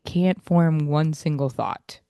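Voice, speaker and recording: Woman podcast cohost, lowish voice, joking around and mocking people, dry close mic. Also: slow pace, dark tone, smooth, no room sound. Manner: playful, mocking impressions with lots of likes. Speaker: podcast co-host. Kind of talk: casual chat.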